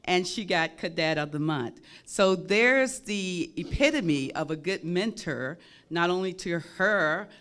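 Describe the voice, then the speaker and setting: A woman moderating a panel, asking questions in a measured way with a few fillers. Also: fairly low pitch, a bit bright.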